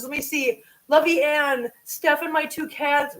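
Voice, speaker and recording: A woman's voice: sits high, fairly even intonation, measured pace, few pauses, fairly bright tone, roomy sound, low-quality recording. A woman hosting a cooking livestream, chatting emotionally and gushing thanks at her viewers while she cooks at home. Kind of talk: casual live-stream chat while cooking. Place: home kitchen.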